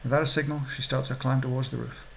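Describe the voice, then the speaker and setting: A man's voice: mid-range voice, little pitch movement, quick pace, vocal fry, sharp tone, a little hiss or hum, low-quality recording. A man hosting a game playthrough, reading the story text aloud with casual asides. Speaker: let's play host and reader.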